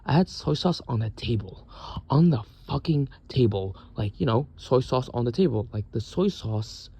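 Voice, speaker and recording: A man's voice: medium pitch, expressive, moderate pace, gravelly, dark tone, husky. A young man in the military venting in a casual, profane, exasperated rant. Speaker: military service member.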